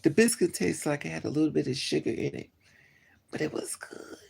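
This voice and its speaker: A vlogger telling a story in a casual chat, animated and gossipy, acting out both sides of the conversation. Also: mid-range voice, a little fast, gravelly, whispered.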